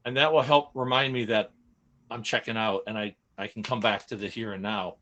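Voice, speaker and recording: In a casual chat, a male guest candidly recounts a hard personal experience, emotional and open, often restarting and correcting himself. His voice is fairly low with fairly even intonation, brisk and sharp-toned, with the highs cut off.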